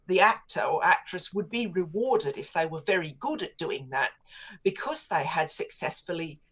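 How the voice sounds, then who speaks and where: A woman's voice: fairly low pitch, fairly bright tone, slightly rough. Aussie woman pundit on talk radio, opinionated, talks in long flowing points. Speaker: political commentator. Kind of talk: studio interview on talk radio.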